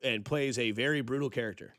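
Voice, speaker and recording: A man co-hosting a casual sports radio show and telling stories in a relaxed, easygoing way. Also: medium pitch, fast, dry recording. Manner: easygoing storyteller. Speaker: radio host. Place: radio studio. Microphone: studio microphone.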